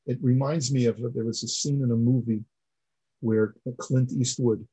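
Guy lecturing a class, warm kinda husky voice, earnest, repeats himself while explaining. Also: mid-range voice, steady tone, normal speed, rough recording. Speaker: teacher.

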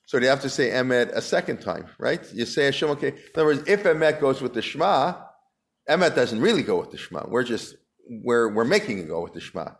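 A man with a mid-range voice speaks expressively at a quick pace while teaching a Talmud class. He chants the Aramaic, explains it in casual English, keeps things conversational with questions to the class, and often restarts his sentences.

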